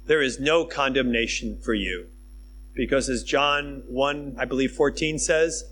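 A man preaching a sermon in a conversational, emphatic way, dropping to hushed tones and then rising with excitement. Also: mid-range voice, a little slow, a little hiss or hum. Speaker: pastor.

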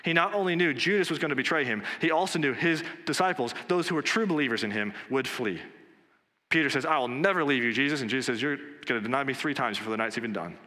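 Man, pastor, earnest emphatic sermon, bright forceful voice, church with long reverb. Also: mid-range voice, fast. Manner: earnest preaching, repetitive emphatic phrasing. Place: church sanctuary.

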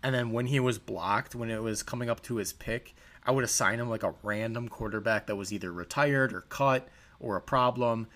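A man's voice: medium pitch, normal speed, few pauses, fairly bright tone. A young man telling stories in a casual monologue as a league commissioner, with a sarcastic, mocking manner. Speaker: fantasy football league commissioner.

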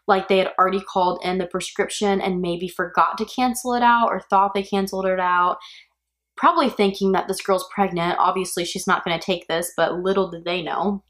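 A woman's voice: mid-range voice, fairly even intonation, brisk, fairly bright tone. A woman hosting a true crime podcast, recounting a case in a casual, opinionated way and reacting aloud as she goes. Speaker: podcast host.

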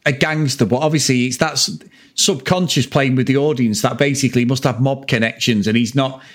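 A man in his forties co-hosts a casual film chat podcast, rambling, swearing freely and laughing often. His voice is medium in pitch with fairly even intonation and a brisk delivery.

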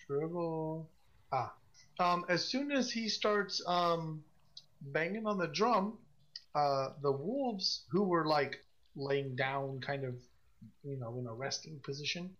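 A man narrating a tabletop game as game master, slow and hesitant with many fillers. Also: on the high side, a bit bright, dull audio.

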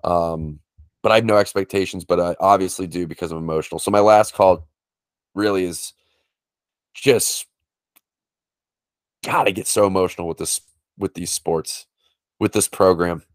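Low-voiced man in casual sports chat. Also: steady tone, moderate pace, long pauses, no room sound. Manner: rambling, emotional fan talk with restarts. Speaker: podcast co-host.

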